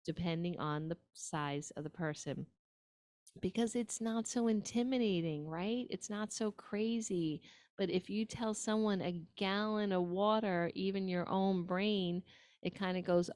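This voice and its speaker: A woman with a New York accent hosts a nutrition show in a chatty, casual way, full of ums and asides to her viewers. Her voice sits a little low. The sound is dry and close, with no room around it. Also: unhurried, a little mellow, dry recording. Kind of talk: casual talk-show advice.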